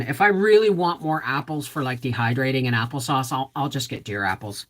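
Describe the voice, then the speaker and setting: A woman's voice: rumbling low, brisk. A middle-aged woman hosting a casual homestead livestream, rambling chattily and greeting viewers by name, her voice a little off. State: voice slightly off.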